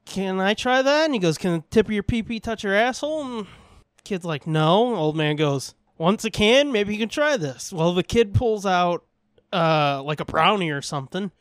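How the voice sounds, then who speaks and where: A man's voice: high voice, animated, normal speed, smooth, no echo, studio quality. Profane, rambling male podcast co-host. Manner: profane, rambling, laughs a lot. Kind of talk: casual chat.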